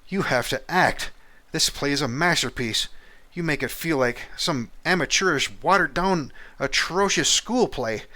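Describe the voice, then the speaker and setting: A man's voice: fairly high pitch, expressive, normal speed, hardly any pauses, bright, forceful tone, pitched above the performer's own voice. A man voicing a fussy, melodramatic theatre director who is exasperated with his actors.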